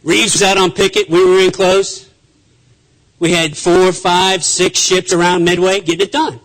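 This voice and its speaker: A man with a fairly high speaking voice delivers a conference speech as a naval officer. He speaks emphatically and hammers points home through repetition, with frequent restarts. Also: flat delivery, measured pace, fairly bright tone, rough recording.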